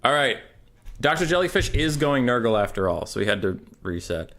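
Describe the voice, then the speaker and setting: A man's voice: mid-range voice, very animated, brisk, a bit bright. Joking young man streaming a game. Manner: loose, joking, swears freely. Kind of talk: casual chat while streaming a game.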